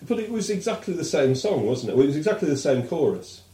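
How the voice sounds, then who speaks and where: A man's voice: fairly high pitch, big pitch swings, quick pace, warm tone. Wry English man in an echoey room. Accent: posh English. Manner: rambling, wry, storytelling. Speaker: podcast co-host. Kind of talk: casual chat.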